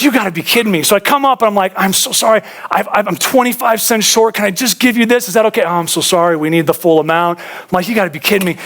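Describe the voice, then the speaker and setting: This is a high, slightly bright man's voice preaching a sermon as pastor. He talks casually with the congregation, storytelling conversationally and calling them "guys."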